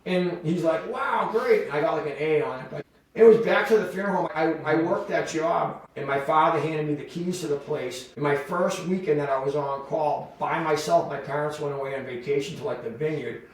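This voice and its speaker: Male podcast guest, animated storyteller, voice a little high, off-mic in a very echoey room. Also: brisk, recorded from a distance. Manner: animated, full of "like" fillers and voiced quotes. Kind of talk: casual storytelling.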